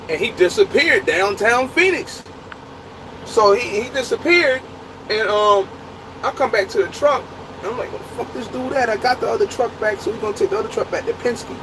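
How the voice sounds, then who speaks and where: A truck driver telling a story in casual, profane, laughing talk. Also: male voice, high-pitched, fairly bright tone, slight background noise, poor audio. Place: inside a truck.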